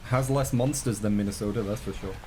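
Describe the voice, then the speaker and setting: A man's voice: lowish voice, a little fast, warm tone, slight background noise. A man streaming a reaction to a video, chatting casually to his viewers with rambling, joking asides.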